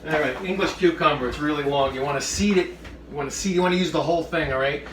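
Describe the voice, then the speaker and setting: A man's voice: fairly high pitch, fast talker, reverberant, far from the mic, noisy background. A man hosting a comedic cooking demonstration in his kitchen, full of joking asides. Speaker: cooking show host. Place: home kitchen.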